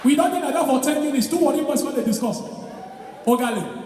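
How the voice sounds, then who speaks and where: A woman with a Nigerian accent performing live stand-up comedy, animated and shouting punchlines amid her own laughter. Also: high voice, quick pace. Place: large live venue. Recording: echoey hall, distant mic, live crowd. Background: audience noise.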